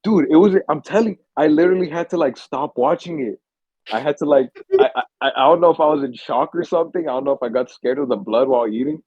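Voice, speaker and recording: A young man hosting a casual podcast, his voice husky and a little breathy. He tells stories with animated energy, swearing freely and acting out the screams and gasps. The sound is dry and a bit dull, like a cheap mic. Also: fairly high pitch, quick pace, no echo. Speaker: podcast co-host. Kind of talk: casual chat.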